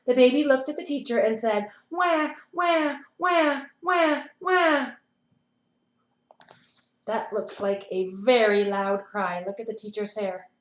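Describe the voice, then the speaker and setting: A playschool teacher reading a picture book aloud to children over a video call, animated, with asides to the kids. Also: female voice, medium pitch, moderate pace, hardly any pauses, echoey room, poor audio.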